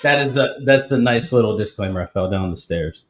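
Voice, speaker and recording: A man's voice: on the low side, expressive, brisk. Upbeat male host asking easygoing questions, recorded with noticeable room echo. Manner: enthusiastic, says "man" a lot. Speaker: podcast host. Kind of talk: casual interview chat. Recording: roomy echo.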